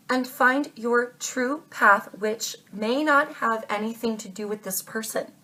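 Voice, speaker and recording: A woman's voice: fairly high pitch, sharp tone. A woman giving a tarot reading to her viewers, earnest and insistent, repeating her points and calling listeners babe and darling. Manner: emphatic, insistent advice. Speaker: tarot reader.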